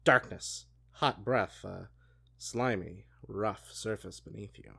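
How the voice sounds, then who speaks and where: A man co-hosting a show, reading a gamebook aloud with hushed dramatic delivery and laughing asides. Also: lowish voice, creaky, breathy edge. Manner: hushed and slow when reading, then swearing and laughing in asides. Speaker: podcast co-host reading a book aloud. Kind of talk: dramatic read-aloud with banter.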